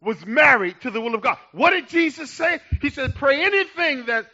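A male pastor with a very high, bright voice preaches with passion. He swings from hushed asides to loud, fervent shouts, and the recording sounds dull and lo-fi. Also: lively intonation, normal speed. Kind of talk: sermon.

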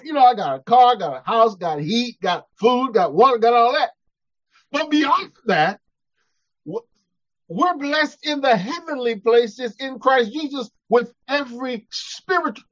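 A man preaching a sermon, emphatic, telling a personal story and calling out to his congregation. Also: very high-pitched. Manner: emphatic, calls out "hello" to the congregation. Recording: dull lo-fi sound.

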